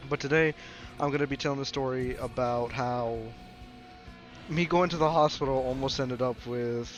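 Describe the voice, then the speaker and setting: A man's voice: mid-range voice, fairly even intonation, normal speed, dull audio. Young man, casual storyteller, rambling, stumbling restarts, music underneath. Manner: rambling, full of fillers and restarts.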